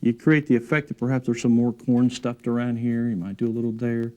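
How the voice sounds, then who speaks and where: A man giving a relaxed, encouraging painting demonstration in his studio, talking while he works. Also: medium pitch, brisk. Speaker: painting instructor. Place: art studio.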